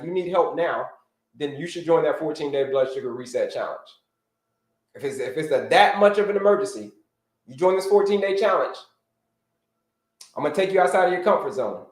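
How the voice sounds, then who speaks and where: A man hosting a live health-coaching stream, talking to viewers in an animated, repetitive, preacher-like cadence. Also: on the high side, echoey room.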